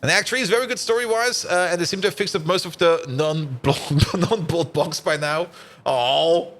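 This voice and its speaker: A man's voice: a little high, normal speed, a bit bright. A tired man streaming a factory-building game, chatting and rambling as he plays, with frequent laughs and casual swearing. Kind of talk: casual gameplay commentary.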